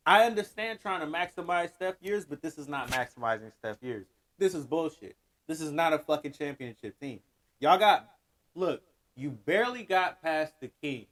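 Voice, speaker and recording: A man's voice: a little high, lively intonation, normal speed, a bit bright. A man co-hosting a podcast, talking sports in blunt, profane, opinionated rants and laughing often. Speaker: podcast co-host. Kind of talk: casual sports banter.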